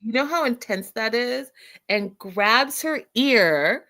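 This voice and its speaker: A woman hosting a casual reality TV recap, telling scenes with animated retellings and frequent laughter. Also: on the high side, takes it slowly. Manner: animated storyteller, acts out quotes, laughs often. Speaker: host.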